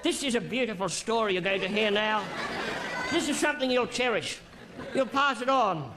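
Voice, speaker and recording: A man's voice: high voice, expressive, moderate pace, a crowd in the background, noisy background. A man doing a leering, crude old Australian boaster. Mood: sly bawdy. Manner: bawdy, leering, mock-sentimental storytelling. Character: crude boastful older Australian male diplomat. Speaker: stand-up comic in character. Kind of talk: stand-up character comedy.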